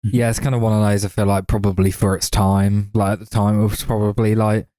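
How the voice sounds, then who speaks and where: A man with a low, dark voice giving measured, hesitant verdicts on a movie podcast. He speaks in an even, flat way, and the sound is dry and close. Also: no room sound. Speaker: podcast co-host. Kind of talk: casual movie review chat.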